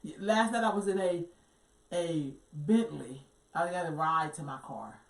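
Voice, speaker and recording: A middle-aged woman co-hosts a casual talk show. She tells stories with animated, acted-out quotes. Her voice sounds distant and roomy. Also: sits low, measured pace. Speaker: co-host. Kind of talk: casual chat. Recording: echoey room, distant mic.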